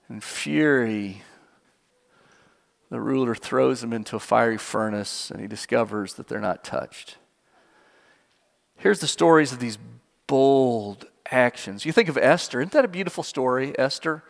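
A man preaching a sermon, animated, with speech that climbs to high emphatic peaks and falls low at phrase ends, chuckling now and then. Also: normal speed, creaky, long pauses, in a large hall. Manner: chuckles now and then while telling stories.

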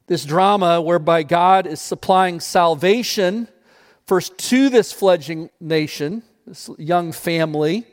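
A male pastor delivers a sermon in an emphatic way, hammering home repeated phrases and dropping his pace for the weightiest points. His voice sits a little high for a man. The recording carries a long reverb, as from a large hall.

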